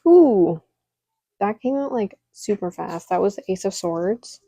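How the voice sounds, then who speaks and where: A woman's voice: medium pitch, normal speed, noisy background. A young woman doing a casual, chatty tarot reading, candid and a little exasperated, with frequent ums and laughs. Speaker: tarot reader.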